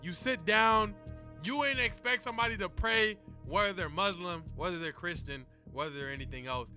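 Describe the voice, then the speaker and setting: A man's voice: sits high, normal speed, soft background music. A young man streaming and reacting to videos, chatting casually with lots of slang like bro and gang. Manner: slangy and animated, calling the listener bro and gang.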